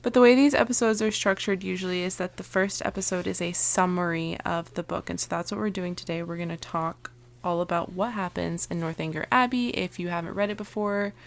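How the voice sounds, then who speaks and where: A woman's voice: lowish voice, steady tone, brisk, hardly any pauses. A young adult woman co-hosting a podcast in casual chat, talking with frequent "um"s and laughing easily. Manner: chatty, laughs often, hesitant fillers. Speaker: podcast co-host.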